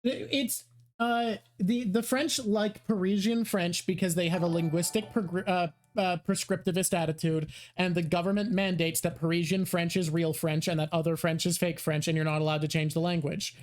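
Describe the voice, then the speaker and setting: A man's voice: high voice, fairly even intonation, moderate pace. A man hosting a casual stream, explaining at length in a dry, wry way. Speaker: stream host.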